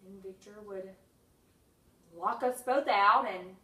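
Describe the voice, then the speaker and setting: A woman reading her own humorous memoir with wry, deadpan comic timing and sudden bursts. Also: medium pitch, takes it slowly, echoey room, distant mic, low-quality recording.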